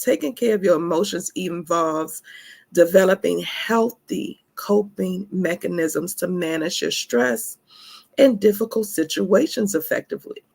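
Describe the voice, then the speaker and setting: Husky gravelly woman, emphatic self-care talk. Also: on the low side, darkish tone. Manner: emphatic, laughing asides, calls listeners honey. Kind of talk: motivational talk.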